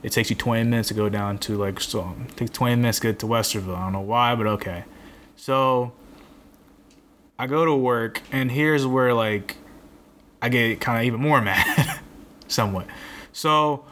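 A young man tells a long story in loose, rambling casual talk, sounding fed up and letting a curse slip here and there. His voice sits at an ordinary middle pitch. A faint hum of noise runs under the recording. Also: moderate pace, a bit bright. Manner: rambling, exasperated, swears often.

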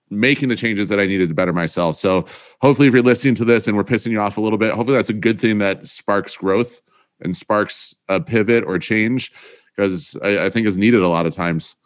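A man's voice: lowish voice, a little fast, no room sound, studio quality. A man hosting a podcast, speaking earnestly and encouragingly about growth and mentors. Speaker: podcast host. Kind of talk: casual podcast conversation.

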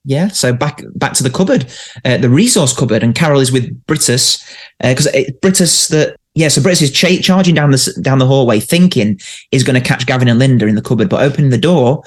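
A man's voice: medium pitch, animated, fairly quick. Chatty man, enthusiastic podcaster. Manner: enthusiastic, laughs between points. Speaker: podcast co-host. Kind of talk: casual chat.

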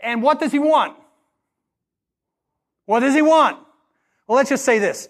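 A man preaching a sermon as pastor, telling stories and acting out the dialogue with animated delivery. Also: sits high, normal speed, pauses often.

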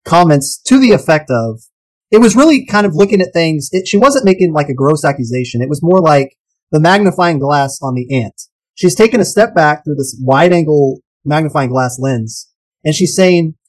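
A man co-hosting a casual podcast, talking animatedly and posing rhetorical questions with sudden jumps in pitch. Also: darkish tone, poor audio. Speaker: podcast co-host.

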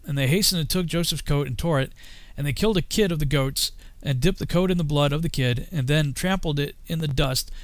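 A man reading an old scripture text aloud in a solemn, measured way, sometimes slipping and correcting himself. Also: a little high, dry recording. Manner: solemn, archaic phrasing with occasional slips and self-corrections. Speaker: reader.

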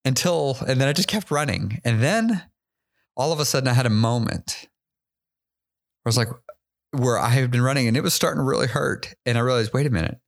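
A man hosting a podcast, telling a personal story in a candid, halting way, often repeating his words and laughing at himself. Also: mid-range voice, vocal fry, a bit bright. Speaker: podcast host.

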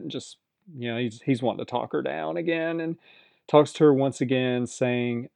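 A man's voice: medium pitch, moderate pace, gravelly, a little mellow, no room sound. A man recapping a reality competition show in a casual, chatty way, often hedging and repeating himself.

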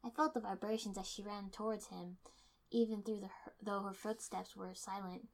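A woman's voice: mid-range voice, flat delivery, moderate pace, creaky. Woman narrating first-person fiction.

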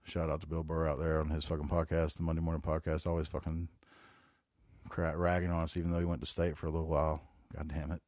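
Brief: very low-voiced Southern man in his forties, loose profane podcast monologue, dry close mic. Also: monotone, fast, darkish tone, dry recording. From North Carolina. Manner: rambling, profane, laid-back storytelling. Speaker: podcast host. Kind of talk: casual solo podcast monologue.

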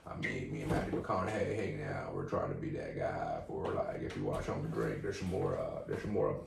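Man doing a lazy drawling movie-star impression, deep and slow, gravelly edge, swooping tone, roomy distant sound with faint noise. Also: huge pitch swings, exaggerated voice. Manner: slow, low, rambling drawl.

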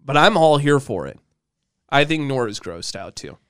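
A man's voice: medium pitch, big pitch swings, moderate pace, fairly bright tone, smooth, no room sound, clean studio sound. A young man co-hosting a podcast, teasing and joking in casual chat with his partner. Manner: teasing, playful, jokey. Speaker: podcast co-host.

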